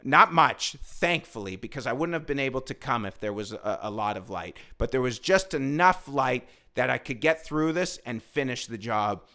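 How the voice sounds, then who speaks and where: A stand-up comedian tells a rambling story in a loose, casual way, swearing freely and getting animated as he goes. His voice is smooth and crisp, with a forceful, bright edge. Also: mid-range voice, moderate pace, few pauses.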